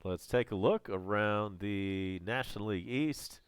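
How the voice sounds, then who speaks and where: A man with a Southern American accent calling live baseball play-by-play as a fan, chatty between pitches and loud on home runs, his voice strained and close to giving out. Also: a little slow, clean tone, no room sound. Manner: casual, chatty calls with excited home run shouts.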